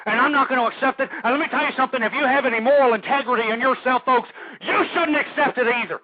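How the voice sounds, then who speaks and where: A man hosting a talk radio show, ranting and agitated and shouting at times. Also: very high voice, quick pace, no room sound. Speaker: radio host. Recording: dull lo-fi dry radio recording.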